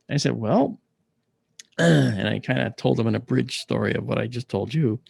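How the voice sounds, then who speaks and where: A man telling a personal story as an interview guest, animated and acting out the voices of the people he quotes. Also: medium pitch, fairly quick, gravelly, breathy edge, no room sound, clean studio sound. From United States.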